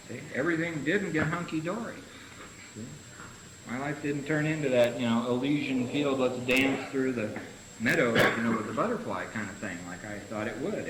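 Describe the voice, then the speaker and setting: A man leading a recovery-group study session, talking in short punchy phrases and often tagging them with "see?". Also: mid-range voice. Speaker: Big Book study leader. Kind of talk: recovery group teaching talk. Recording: echoey room with faint hiss.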